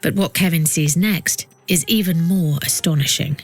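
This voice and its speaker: A woman narrating a documentary podcast from a script, with a measured delivery that builds suspense. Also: low-pitched, breathy edge, soft background music.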